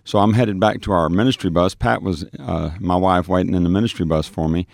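Deep-voiced man telling a story. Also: fairly even intonation, a little fast, creaky, no room sound, studio quality. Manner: storytelling, acts out quoted dialogue, frequent restarts. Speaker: street minister. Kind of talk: telling a testimony on a radio show.

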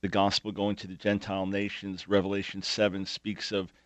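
A man's voice: sits low, monotone, fairly quick, fairly bright tone, dry recording. A man hosting a talk radio show, speaking emphatically with sarcastic asides.

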